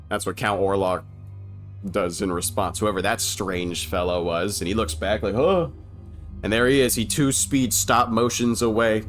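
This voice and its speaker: A young man giving casual, excited commentary on an old film, slangy, swearing and laughing often. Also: on the low side. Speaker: movie reaction commentator.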